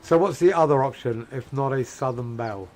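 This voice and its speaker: English male streamer, chatty storyteller, mid pitch, faint noise behind. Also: brisk, darkish tone. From England. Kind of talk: casual gaming chat.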